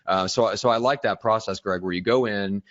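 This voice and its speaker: A man's voice: on the low side, normal speed, a bit bright, no echo. A man hosting a real estate talk show live, explaining ideas step by step and steering the conversation. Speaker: show host. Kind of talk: casual livestream talk, coaching. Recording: dry, slightly dull livestream audio.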